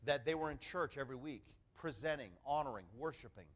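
A man's voice: medium pitch, brisk, a little hiss or hum. Emphatic male pastor preaching. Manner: emphatic preaching with call-and-response "amen". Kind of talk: sermon.

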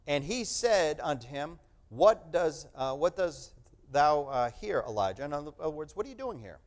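A middle-aged man preaching a sermon, reading scripture aloud and explaining it, sometimes proclaiming loudly and sometimes dropping to a hush. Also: a little high, lively intonation, normal speed.

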